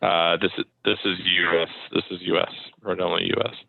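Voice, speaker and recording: A man's voice: deep voice, flat delivery, a little fast, gravelly, no echo. A man chatting casually between cold calls, talking in loose runs with fillers and restarts. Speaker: sales rep making cold calls. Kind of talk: casual chat while cold calling. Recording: tinny phone-like call audio.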